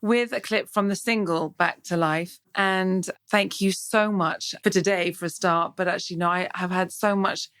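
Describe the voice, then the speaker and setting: A woman's voice: on the low side, fairly even intonation, moderate pace, few pauses, fairly bright tone, clean tone. A woman hosting a podcast interview, asking questions in an encouraging way. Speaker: podcast host.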